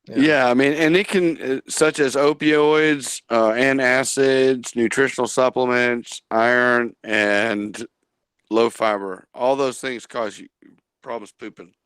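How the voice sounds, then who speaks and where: A man's voice: medium pitch, fairly even intonation, takes it slowly, a bit bright, smooth, no echo. A man hosting a casual podcast, reading an article aloud with dry asides and chuckling at himself. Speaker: podcast host.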